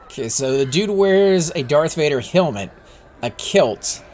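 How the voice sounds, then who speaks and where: A man's voice: a little high, lively intonation, a little slow, darkish tone, slight background noise. A man hosting a gaming video, chatting casually and joking with a friend while he plays. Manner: laid-back, joking, musing aloud. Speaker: gaming channel host. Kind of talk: casual chat while playing a game. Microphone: desk microphone.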